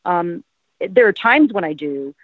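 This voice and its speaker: This is a woman in her fifties from South Jersey, an actress chatting loosely in an interview and leaning heavily on "like" and "um." Her pitch sits fairly low, expressive, with a measured pace. There's no echo, just a thin, phone-like, dry sound.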